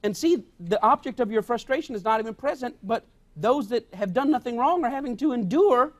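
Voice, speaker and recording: A man's voice: very high voice, lively intonation, fairly quick. A male pastor preaching a sermon in an emphatic way, repeating his key points.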